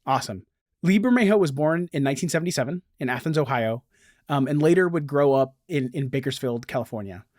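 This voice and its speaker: A man's voice: medium pitch, animated, fast, darkish tone, no echo, clean studio sound. A man hosting a casual podcast, enthusiastic and reading book passages aloud. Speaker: podcast host.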